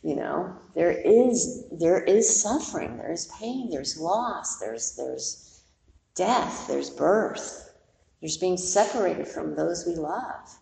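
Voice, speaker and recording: A woman's voice: on the low side, expressive, slow, gravelly, dark tone, echoey room, a little hiss or hum. A woman meditation teacher giving a dharma talk in a plainspoken, conversational way with candid asides.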